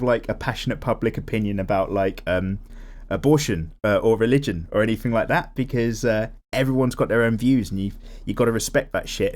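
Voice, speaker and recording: A young man with a casual, animated manner, chatting while he draws and swearing freely as he goes. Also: mid-range voice. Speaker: art vlogger. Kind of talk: casual chat while drawing.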